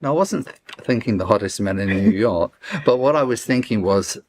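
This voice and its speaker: A middle-aged man from London with a softened British accent, chatting playfully as an interview guest and laughing often. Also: fairly low pitch, lively intonation, a little fast, a little hiss or hum. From London, England. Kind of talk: casual interview chat.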